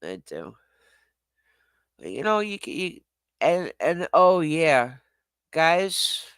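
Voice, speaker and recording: Man host, unhurried and profane, self-mocking livestream chatter, dry close sound. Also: a little high, sing-song, a bit bright, clear, resonant tone, dry recording. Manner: rambling, profane, self-deprecating, laughs often. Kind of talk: casual livestream chat.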